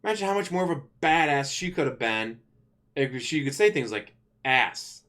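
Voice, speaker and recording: A man ranting casually to camera as a channel host, rambling and correcting himself, blunt and quick to swear. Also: a little high, lively intonation, a bit bright.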